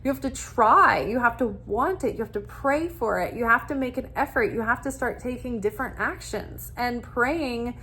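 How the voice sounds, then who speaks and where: A woman giving a casual spiritual talk, animated and blunt, ranting with passion and swearing freely. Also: a little high, normal speed, few pauses. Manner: impassioned ranting. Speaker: spiritual teacher.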